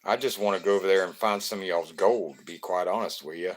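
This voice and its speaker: A man's voice: deep voice, fast talker. A man, from Florida, hosting a casual live stream, greeting viewers by name in a loose, joking way.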